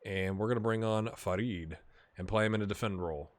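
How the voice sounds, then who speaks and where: A man hosting a game channel, giving chatty, excitable live commentary while he plays and talking straight to his viewers. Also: lowish voice, brisk, dry recording. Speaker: gaming channel host.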